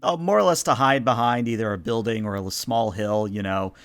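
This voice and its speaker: A man narrating a tabletop role-playing game as game master, in a relaxed, meandering way. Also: on the low side, fairly quick, smooth, no echo.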